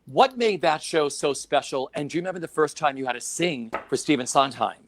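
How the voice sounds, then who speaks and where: A man's voice: a little high, lively intonation, brisk, no room sound. A man hosting an interview, asking questions eagerly and answering with frequent short affirmations. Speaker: interview host. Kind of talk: conversational interview.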